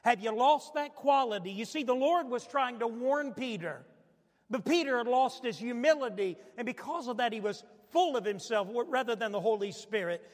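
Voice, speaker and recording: A man's voice: very high voice, expressive, normal speed, in a large hall. A man preaching a sermon, asking his congregation rhetorical questions with building intensity. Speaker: pastor.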